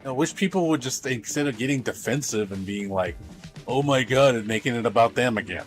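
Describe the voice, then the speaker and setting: A male streamer chatting to his audience in a loose, rambling way. He is blunt and candid and swears freely. Faint music plays quietly behind his voice. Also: medium pitch, expressive, a little fast. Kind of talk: casual livestream chat.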